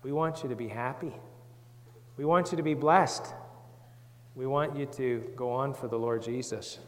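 A man giving a gentle Bible talk to children, reading verses and asking them questions. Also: medium pitch, normal speed, in a large hall. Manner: gentle, reads scripture aloud, asks the children questions. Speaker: children's Sunday school teacher.

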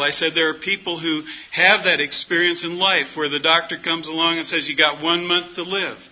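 Middle-aged male preacher, folksy storyteller, slightly high voice, dull lo-fi recording. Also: steady tone, normal speed, hardly any pauses. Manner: folksy storytelling, acts out quoted dialogue. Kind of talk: sermon with personal story. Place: church meeting hall. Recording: muffled lo-fi sound.

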